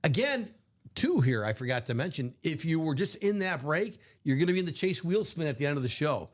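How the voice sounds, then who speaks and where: A man's voice: on the high side, sing-song, brisk. A man hosting a live card-break stream, upbeat and chatty in a casual way.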